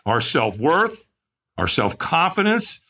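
Man, podcast guest, animated storyteller, husky, bright tone, lively pitch. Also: takes it slowly. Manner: dramatic, acts out quotes with big pitch jumps.

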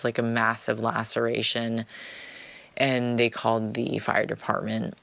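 Woman, gravelly voice, dry close sound, chatty storyteller, casual monologue. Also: very deep voice, no room sound. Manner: chatty, frequent "like" fillers.

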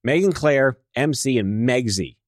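A man's voice: medium pitch, lively intonation, a little slow, no echo, studio quality. A man hosting a casual radio interview, joking and teasing his guest. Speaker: radio host.

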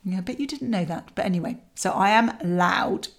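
A woman's voice: medium pitch, a little fast. Chatty woman coaching parents. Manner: chatty and candid, with lively asides. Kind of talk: talking to parents about a child exercise.

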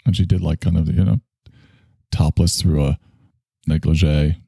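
A man's voice: very deep voice, fairly even intonation, moderate pace, creaky, dark tone, husky, no room sound. A man in his sixties who hosts a show, rambling through a crude, joking solo monologue that keeps trailing off.

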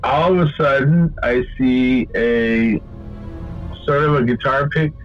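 Man, casual storyteller, rambling and profane, mid pitch, dull lo-fi recording with faint music. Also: slow. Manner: profane, rambling, animated when quoting. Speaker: guest telling a story.

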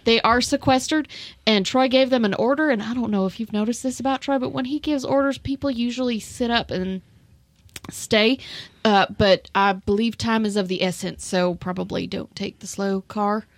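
A woman's voice: on the high side, normal speed, no echo. A woman playing her character in a tabletop game, talking in a flustered, rambling way with many fillers. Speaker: tabletop player. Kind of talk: in-character tabletop role-play.

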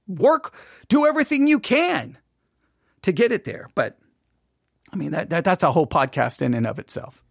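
A man, a pastor, hosting a podcast and commenting on a sermon in an animated, emphatic way, repeating words for effect. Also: high-pitched, normal speed, gravelly, pauses often, no echo, studio quality.

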